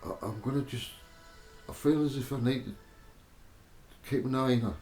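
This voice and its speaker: A man telling a personal spiritual testimony, halting and repeating himself as he goes. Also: medium pitch, darkish tone. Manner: halting, repeats words and restarts often. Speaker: storyteller giving a spiritual testimony. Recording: roomy echo with faint music behind.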